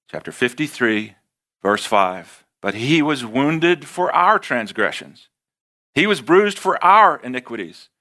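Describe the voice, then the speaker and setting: A man with an American accent preaching a sermon, rising for emphasis and slowing down to read scripture. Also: mid-range voice, bright, forceful tone. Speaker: pastor.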